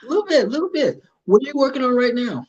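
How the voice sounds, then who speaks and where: A man's voice: very high-pitched, very animated, fast talker, husky, lo-fi sound. A man hosting a casual interview show, playful and joking, often repeating his words. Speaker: host.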